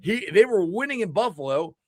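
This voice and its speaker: A man hosting a casual sports talk show, animated, repeating words as he talks over a remote call. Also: high voice, a little fast, no echo, studio quality. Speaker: podcast host.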